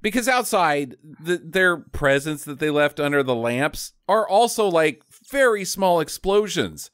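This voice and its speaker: A man co-hosting a casual podcast, animated and laughing, explaining things at length. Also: on the high side, a little slow, clean tone, dry recording, studio quality. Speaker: podcast co-host. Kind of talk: casual movie-riffing chat.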